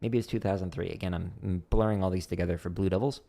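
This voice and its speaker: Gravelly man scatting drum rhythms. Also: sits low, quick pace, background noise. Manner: sings out rhythms with vocal syllables; relaxed, thinking aloud with fillers. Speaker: drum instructor streaming practice. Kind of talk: casual spoken drum lesson. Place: home practice room. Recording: loud drumming and clicks behind the voice.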